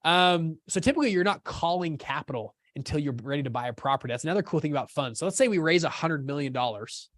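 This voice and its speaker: A fairly high-voiced man runs a live class in a casual, upbeat way. He keeps pausing to ask whether his listeners are keeping up. The sound is close and dry, with no room echo. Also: lively intonation, fairly bright tone. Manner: casual, upbeat, often checks understanding. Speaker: course host. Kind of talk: live teaching session.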